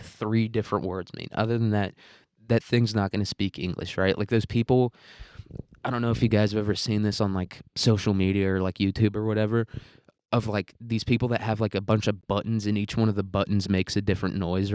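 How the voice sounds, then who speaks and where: A man's voice: lowish voice, a little mellow, clean tone, no room sound, clean studio sound. A young man at home delivering a profane, rambling casual monologue as a podcast host, often breaking into laughter.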